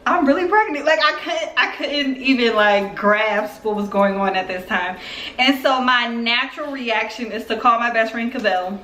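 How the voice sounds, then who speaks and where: Young woman, high bright voice, chatty storytime vlog, roomy echo. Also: normal speed, a little hiss or hum. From Philadelphia, US. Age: 20s. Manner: chatty, animated storytelling with frequent fillers. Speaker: YouTuber.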